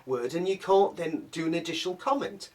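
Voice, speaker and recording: A man's voice: a little high, lively intonation, fairly quick. A middle-aged man telling a personal story in a casual, chatty way, with asides and restarts, recorded on a distant mic. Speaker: vlogger.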